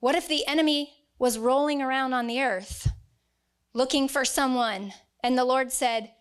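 A woman's voice: high-pitched, moderate pace, smooth. A woman preaching a sermon to a congregation, earnest and emphatic, reading scripture aloud. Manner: earnest, emphatic, acts out quoted voices.

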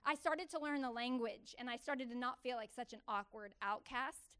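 A woman preaching a testimony sermon to a church gathering, telling her story with animated, emphatic repetition. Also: fairly high pitch, normal speed, clear, resonant tone. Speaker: church speaker.

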